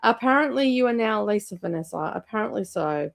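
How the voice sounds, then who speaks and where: Woman, creaky vocal fry, rambling livestream chat, frequent laughs. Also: medium pitch, animated, moderate pace. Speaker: livestream host of a book club. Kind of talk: casual livestream chat reading out viewer comments.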